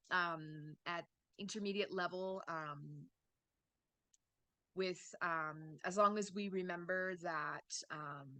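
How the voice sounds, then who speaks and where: A woman teaching English speaks slowly and patiently, often pausing to check that her students follow. Her voice is bright and a little low, and the sound is dry and close. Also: no room sound. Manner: slow, patient explaining with frequent "okay?" checks. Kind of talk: online English lesson.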